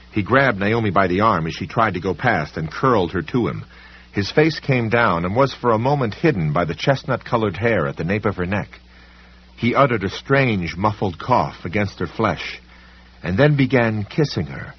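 On a dull, lo-fi recording, a man narrates an audiobook story from a script with dramatic, varied delivery. His voice sits on the low side and has a breathy edge.

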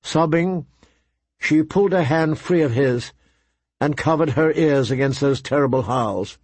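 A man narrating a story in a measured, even audiobook reading. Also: a little high, no room sound.

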